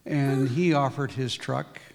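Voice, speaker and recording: A man's voice: mid-range voice, fairly even intonation, slow, vocal fry. A married man telling a church testimony in a plain, matter-of-fact way. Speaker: congregation member. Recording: long reverb of a church hall.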